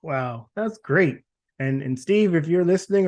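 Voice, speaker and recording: A man's voice: a little high, expressive, unhurried, a little mellow. A man hosting an interview, upbeat and laughing along with his guest. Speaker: host.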